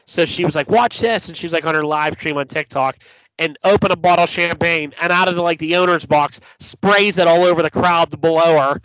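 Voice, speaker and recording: A man co-hosting a podcast, chatting casually about sports, blunt and profane, telling stories with animated asides. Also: fairly high pitch, brisk, clean tone, dry recording. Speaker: podcast co-host. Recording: dull lo-fi podcast audio, dry.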